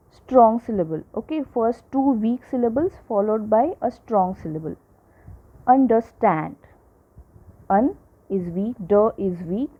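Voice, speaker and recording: A woman teacher lectures at an unhurried, deliberate pace, repeating each point and checking in with the class as she goes. Her voice sits at an ordinary middle pitch. The recording is thin and narrow, like audio heard over a phone line. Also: breathy edge. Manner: slow, repetitive explaining with frequent "okay" and "right".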